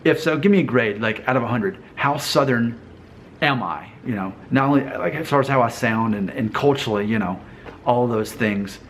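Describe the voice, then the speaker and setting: A man's voice: medium pitch, moderate pace, a bit bright, a little hiss or hum. A man in his thirties from Alabama, vlogging in a casual, musing monologue, chatty and self-questioning. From Alabama, US South. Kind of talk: casual talking-to-camera monologue.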